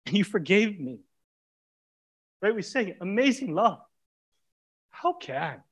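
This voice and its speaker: A man in his thirties, a pastor preaching with passion, his colloquial talk swinging from loud urging to hushed intimacy. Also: sits high, big pitch swings, measured pace, husky. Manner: colloquial preaching, casual grammar. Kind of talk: sermon.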